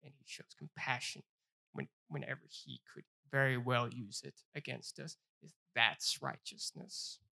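Man, Bible study teacher, bright voice, earnest, repeats himself and slows down for scripture. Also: mid-range voice, fairly even intonation, creaky. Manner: earnest, repeats phrases, stumbles and restarts; reads scripture aloud with slow emphasis.

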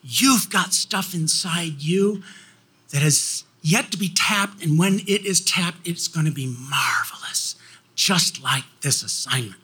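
A man voicing a kind woman schoolteacher who gently encourages a student. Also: a little high, slow pace, breathy edge, voice pushed up, heavily acted. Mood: reassuring. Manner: gentle, coaxing.

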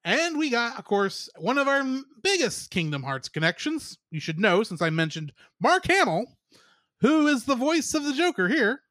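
A man's voice: very high-pitched, big pitch swings, normal speed, a bit bright, dry recording, clean studio sound. A man co-hosting a casual podcast review, chatty and giggling often as he runs through the cast. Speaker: podcast co-host.

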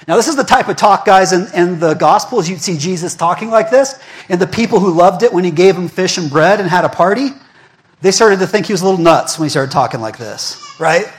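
A man's voice: sits high, lively intonation, brisk. A young man preaching a sermon in a conversational way. He asks the congregation questions, repeats himself for emphasis and often restarts his words. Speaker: pastor.

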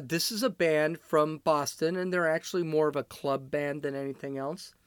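A man's voice: a little high, a bit bright, no echo, studio quality. A man from Chicago hosting his podcast, talking in a blunt, rambling, off-the-cuff monologue. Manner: blunt, ranting and digressive. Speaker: podcast host.

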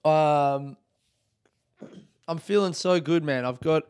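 Upbeat swearing Australian man, slightly high voice. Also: takes it slowly, a little mellow, clear, resonant tone, no room sound, clean studio sound. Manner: swears freely, rambling and upbeat. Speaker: podcast host. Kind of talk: casual solo podcast chat.

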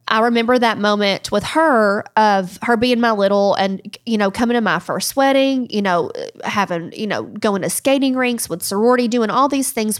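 A woman, co-hosting a podcast, telling a personal story while crying and sniffling. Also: mid-range voice. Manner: tearful, storytelling with quoted voices. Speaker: podcast co-host. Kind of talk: emotional personal podcast talk.

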